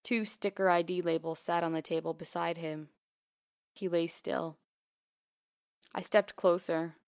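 Low, gravelly woman reading a memoir. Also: steady tone, dry recording, clean studio sound. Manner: quiet, measured, intimate. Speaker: narrator. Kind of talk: first-person memoir reading.

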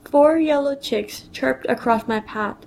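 A woman's voice: high-pitched, a little slow, creaky, darkish tone, poor audio. A woman reading a personal memoir story aloud, telling it plainly and quoting others in her own voice.

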